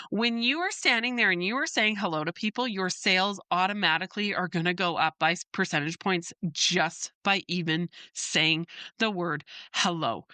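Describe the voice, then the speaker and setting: A chatty, joking woman in middle age gives casual advice as a podcast host. Her voice is bright and forward. The sound is dry and close, with no room around it. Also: on the low side, clear, resonant tone, no room sound.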